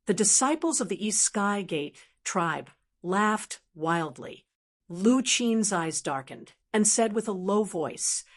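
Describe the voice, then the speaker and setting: A woman narrating a fantasy audiobook in a steady, even storytelling manner. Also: mid-range voice, slow. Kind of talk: scripted narration.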